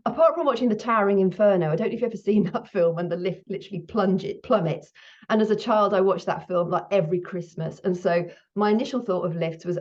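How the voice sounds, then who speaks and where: A middle-aged woman hosting her own menopause video, talking candidly to camera while still shaken, her breathing high. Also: fast talker, darkish tone. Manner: chatty, candid, laughs now and then. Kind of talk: casual talk to camera. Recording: slightly dull lo-fi sound.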